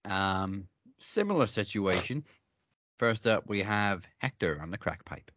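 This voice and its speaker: Sarcastic man with a bright low voice. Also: animated, unhurried, no room sound. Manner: dry, sarcastic reading of comments. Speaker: podcast co-host reading posts. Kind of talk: casual chat.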